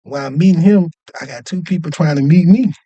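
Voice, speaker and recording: A man telling a story in a casual, animated and profane way, often checking in with "you know what I mean". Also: fairly high pitch, quick pace, no room sound, dull audio. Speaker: podcast host telling a story.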